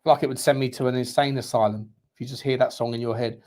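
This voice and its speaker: A man hosting a live football watchalong, reacting to the match in excitable, sweary commentary and shouting at the referee. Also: mid-range voice, fast.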